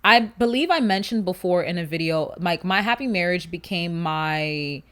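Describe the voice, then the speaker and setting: A woman's voice: lowish voice, animated, moderate pace, a bit bright. A woman of twenty-one talking casually to camera as a YouTuber, chatty and slangy, rambling off on asides.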